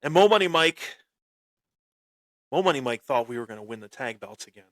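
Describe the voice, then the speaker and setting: The podcast host, playing the brash wrestling heel, narrates a story with sudden shouts and phrases he keeps repeating and restarting. He speaks briskly at medium pitch with lively intonation, and the recording is dry.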